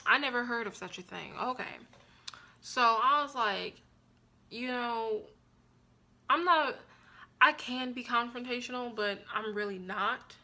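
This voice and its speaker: A young woman telling a personal story on her vlog in a frank, blunt and profane way, with an animated and expressive delivery. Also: on the high side, measured pace, long pauses. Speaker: vlogger.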